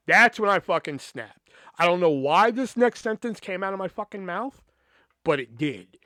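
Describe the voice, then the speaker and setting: Young male podcast host, casual profane storyteller, lively pitch, dry sound. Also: normal speed, dry recording. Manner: profane, animated, acts out quoted exchanges.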